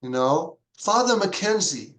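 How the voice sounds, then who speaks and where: Man, pastor, fairly high voice, animated storytelling, acts out dialogue, echoey room. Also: measured pace. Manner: animated, acts out quoted dialogue with big pitch jumps. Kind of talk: conversational interview storytelling.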